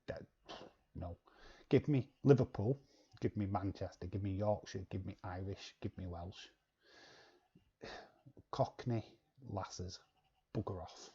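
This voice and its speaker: A man's voice: lowish voice, mellow, breathy edge, highs cut off. Laid-back man streaming. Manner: chatty, blunt, laughs often. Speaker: live stream host. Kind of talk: casual chat reading viewer comments.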